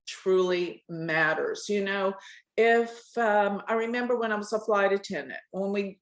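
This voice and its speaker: Carefully enunciating middle-aged woman, echoey room. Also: lowish voice. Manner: clearly enunciated, carefully stressed words. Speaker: astrology teacher. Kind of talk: lecturing a live astrology class.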